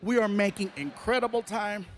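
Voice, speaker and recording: A man doing stand-up before a live audience, telling an animated story and acting out the scenes. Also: high-pitched, moderate pace, very noisy. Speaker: stand-up comedian. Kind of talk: stand-up routine.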